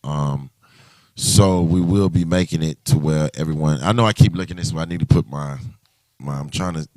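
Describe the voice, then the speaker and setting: A man's voice: extremely low pitch, moderate pace, a little mellow, no echo, clean studio sound. A man hosting a casual livestream chat, talking loosely and rambling with many restarts. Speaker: livestream host.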